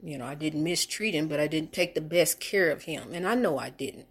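A woman's voice: sits low, fairly quick, breathy edge. A middle-aged woman, telling a heartfelt personal story in a faith vlog, emotional and repetitive, sometimes preachy. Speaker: faith vlogger.

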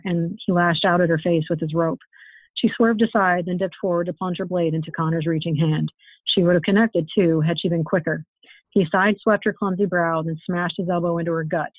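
A woman author reading her own fantasy novel aloud in a steady, expressive storytelling manner. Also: lowish voice, brisk, no room sound. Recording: tinny phone-like, dry sound.

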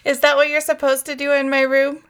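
A woman podcast host speaks in an easygoing, chatty way, often breaking into laughter. Her voice sits a little high, and her talk is frank and sometimes crude. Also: completely flat delivery, fairly quick, a bit bright. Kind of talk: casual chat.

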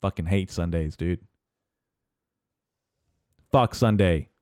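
A man's voice: low voice, takes it slowly, darkish tone, smooth, dry recording, clean studio sound. A man hosting a casual solo podcast, rambling and swearing heavily as he rants, full of fillers and restarts. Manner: profane, rambling, heavy swearing; filler-heavy, restarts often. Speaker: podcast host.

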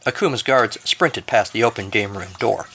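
A man's voice: fairly low pitch, moderate pace, fairly bright tone, a little hiss or hum. A man hosting a podcast, narrating a comic story and reading the outro with dry, jokey asides. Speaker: podcast host.

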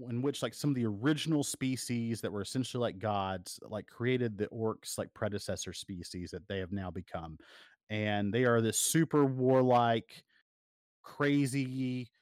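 A man's voice: mid-range voice, darkish tone, no room sound, clean studio sound. Rambling man in casual podcast chat. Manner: rambling, many fillers and restarts. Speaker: podcast co-host.

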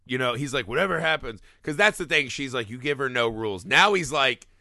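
A man's voice: mid-range voice, a little fast, dry recording, clean studio sound. A man co-hosting a podcast, reviewing a movie in casual comedic chat, swearing often and acting out the characters' lines. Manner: profane, animated, acts out characters' lines. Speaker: podcast co-host.

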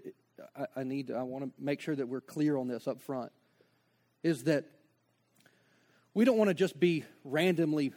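A man's voice: medium pitch, dark tone. A man preaching a sermon as pastor, conversational, with joking asides and acted-out dialogue.

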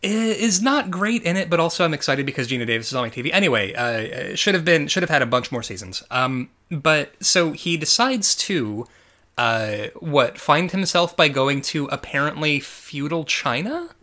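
A man's voice: a little high, lively intonation, normal speed, bright, forceful tone. A man co-hosting a podcast, talking casually about movies in a rambling way, with lots of fillers and restarts. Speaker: podcast co-host.

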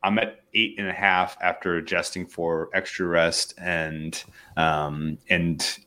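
A man's voice: low-pitched, level tone, slow, bright, forceful tone. A man breaking down a football matchup and point spread in a casual betting chat, rambling with frequent ums and restarts. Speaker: sports betting analyst.

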